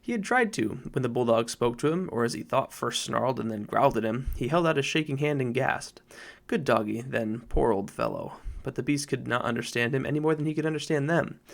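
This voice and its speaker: A man narrating a children's storybook in a measured, expressive reading. His voice is of middle pitch with a noticeably gravelly, creaky texture. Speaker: audiobook narrator.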